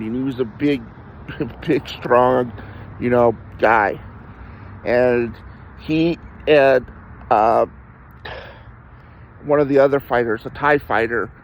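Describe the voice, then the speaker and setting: A man's voice: mid-range voice, highs cut off, a little hiss or hum. Rambling man telling candid personal stories. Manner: rambling, self-deprecating, frequent laughs and restarts. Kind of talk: candid personal storytelling in conversation.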